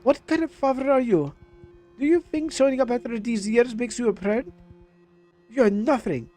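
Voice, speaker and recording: Man playing fierce young mother, game dialogue read aloud, raised pitch, shouting, defiant. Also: lively intonation, normal speed, breathy edge, soft background music. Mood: furious. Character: angry young woman, a fierce protective mother.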